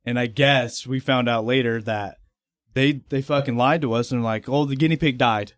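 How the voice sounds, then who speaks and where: Young man, casual storyteller, profane, laughing, mid pitch. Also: moderate pace, dry recording, studio quality. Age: young adult. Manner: swears freely, laughs while telling stories. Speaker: podcast guest.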